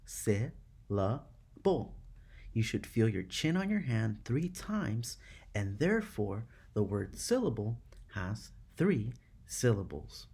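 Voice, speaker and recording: A man narrates a classroom lesson at an unhurried pace, spelling each step out carefully for his students. His voice has a gravelly, husky edge to it. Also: fairly low pitch, sing-song, darkish tone. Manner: slow, careful explaining to students. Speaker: teacher.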